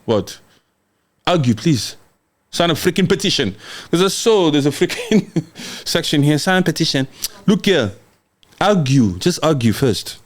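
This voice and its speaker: A man's voice: on the high side, big pitch swings, a little slow. A young man hosting political commentary, reading a document aloud and scolding his audience in a combative, sarcastic, emphatic way.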